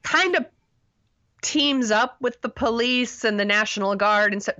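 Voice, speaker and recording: A woman's voice: on the high side, unhurried, sharp tone, muffled recording. A woman co-hosting a podcast, talking through a movie review in a loose, rambling way with lots of fillers and self-deprecating laughs. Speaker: podcast co-host. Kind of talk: casual movie review chat.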